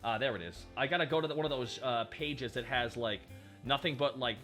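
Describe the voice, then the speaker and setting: A man hosting a live stream in casual chat, excitable and rambling as he thanks donors aloud. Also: mid-range voice, a little fast. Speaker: streamer host. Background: faint background music.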